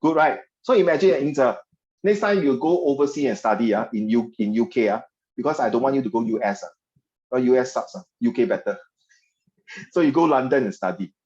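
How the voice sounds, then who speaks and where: Chatty Singaporean tutor, lo-fi audio. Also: male voice, medium pitch, brisk, a little mellow. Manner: chatty, joking, mixes local slang. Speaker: English tutor. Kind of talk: online class teaching. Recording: dull lo-fi audio.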